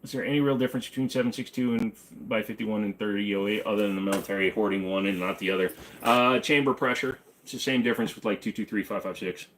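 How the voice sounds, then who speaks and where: Laid-back male streamer, low-ish voice, answers chat with dry jokes and hums between questions. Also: steady tone, quick pace, fairly bright tone, slight background noise. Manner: joking, offhand, hums and scats to himself. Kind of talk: casual livestream chat. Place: home room with guns on the wall behind him.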